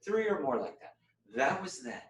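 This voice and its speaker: A meditation teacher leads a guided group workshop, playfully demonstrating phrases and shifting his voice to model them. His voice is on the high side with big pitch swings at a moderate pace, in a roomy, low-quality recording.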